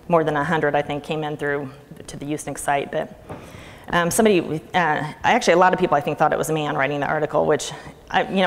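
Low, gravelly-voiced woman speaker. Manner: chatty, sarcastic, laughs often. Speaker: conference speaker. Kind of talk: conference talk. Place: lecture hall. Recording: reverberant hall with faint ambient noise.

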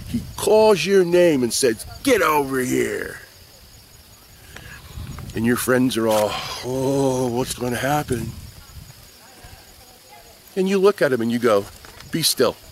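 A man teaching Sunday school, telling a Bible story to children in an animated way and checking in with them. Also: medium pitch, slight background noise. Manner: animated storyteller who keeps checking in with the kids.

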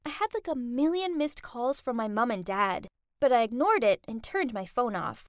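A young woman narrating a first-person animated story in a dramatic, emotional way. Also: sits high, no room sound, clean studio sound.

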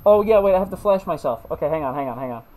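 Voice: medium pitch, animated, racing, mellow, slight background noise, poor audio. A video game host chatting casually while playing, rambling through stories with many restarts. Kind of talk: casual let's-play commentary.

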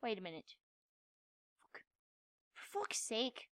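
A young woman playing a game and commenting, frustrated, swearing and yelling at it. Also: a little high, very animated, slow, no echo. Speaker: gamer. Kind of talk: gameplay commentary.

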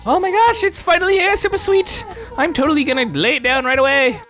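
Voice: high voice, fast talker, fairly bright tone, faint music behind, voice pushed up. A player voicing a gushing villager girl. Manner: gushing, slangy. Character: excitable young female villager animal. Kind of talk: reading game dialogue aloud.

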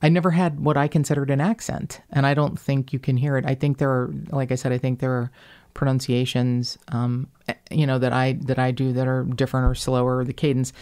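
A woman from Northern Kentucky with a slight accent from there, hosting a podcast and telling stories in a rambling, animated way. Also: rumbling low, a little fast. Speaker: podcast host. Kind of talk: casual podcast chat.

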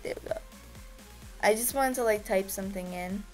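A woman giving casual, excitable gameplay commentary as host of her gaming channel, giggling and squealing with delight. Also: medium pitch, normal speed, faint music behind.

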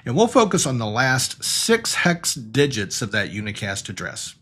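Male instructor, husky, mid-pitched, steady explanatory delivery for a technical course. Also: moderate pace. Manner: explanatory, talks through diagrams step by step. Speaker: networking instructor. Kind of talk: recorded technical lesson.

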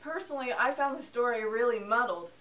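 A woman's voice: fairly high pitch, brisk, a bit bright. A young adult woman hosting a casual film review, chatty and sarcastic. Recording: voice a bit distant from the mic.

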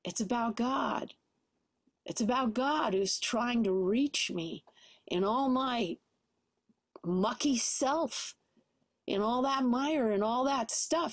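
A woman's voice: on the high side, animated, slow, no echo. A middle-aged woman sharing a personal testimony at church, conversational and full of "you know" fillers. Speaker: church speaker.

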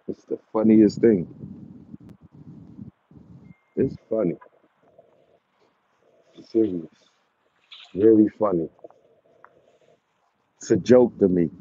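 A man's voice: fairly low pitch, a little hiss or hum. A man who breeds dogs, ranting at his viewers in a taunting, repetitive, mocking way with chuckles. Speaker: dog breeder. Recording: dull lo-fi recording.

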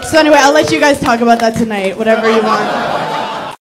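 Woman, stand-up comedian, teasing crowd work, bright high voice, live club recording, loud audience noise. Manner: brash, teasing, quick banter with laughter. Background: audience laughter and noise.

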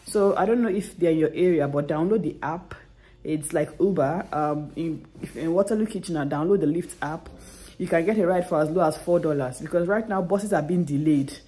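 Her voice sits low, with a dark and slightly rough tone. She's a vlogger in her 30s recording on a phone outside in winter streets and snow, laughing often as she chats casually to her audience.

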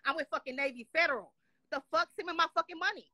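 Swearing constantly, a Dallas woman appearing as a guest on a live show complains in a heated, upset rant. Her voice is high and sharp-toned, her pace quick, and she keeps saying "you know what I'm saying." There's no room sound in the recording.

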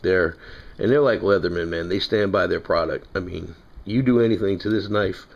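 Casual New York guy, lower pitch, rambling product-review talk, muffled lo-fi sound. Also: moderate pace, creaky. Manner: rambling, chatty, self-correcting. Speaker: knife collector reviewing knives.

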